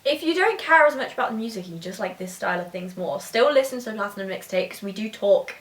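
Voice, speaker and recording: A woman's voice: mid-range voice, lively intonation, fast talker. A woman co-hosting a podcast in casual chat, giggly and rambling. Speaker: podcast co-host. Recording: echoey room, distant mic.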